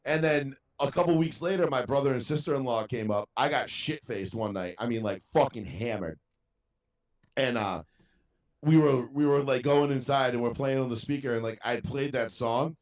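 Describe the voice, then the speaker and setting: At normal speed and with a mid-range voice, this young male podcast co-host tells a lengthy story full of profanity. It's casual chat and storytelling, rambling along and punctuated by his own laughter.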